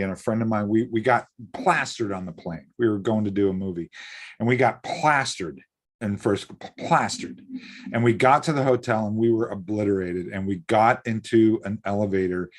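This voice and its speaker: Man, co-host, easygoing chat, low-pitched, halting restarts. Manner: relaxed, chatty, some halting restarts. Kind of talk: casual chat.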